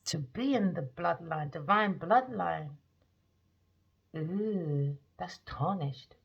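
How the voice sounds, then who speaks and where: A woman's voice: fairly low pitch, animated, takes it slowly, vocal fry, husky. A woman giving a rambling, emphatic, slangy tarot reading in casual monologue. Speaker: tarot reader. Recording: dull lo-fi recording.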